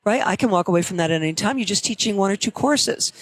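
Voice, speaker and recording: A woman professor telling stories in a conversational interview, lively when quoting others. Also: medium pitch, fast talker, breathy edge, no echo, rough recording. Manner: storytelling, animated quotes. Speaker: professor and guest.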